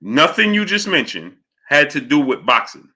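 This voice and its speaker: A man's voice: fairly high pitch, sing-song. A man hosting a live boxing talk stream, breaking off his points to greet viewers in the chat and asking whether they understand what he's saying. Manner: rapid shout-outs to chat viewers, repeats "you understand what I'm saying". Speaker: boxing talk show host. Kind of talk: live-stream commentary reading super chats.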